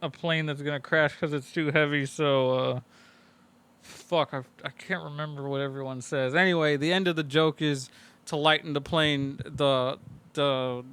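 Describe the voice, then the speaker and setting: Another podcast co-host, a man with a slightly high, steady voice, recaps a movie casually while cursing heavily and performing the characters' lines. He speaks at a normal speed, and his tone is fairly bright, clear and resonant.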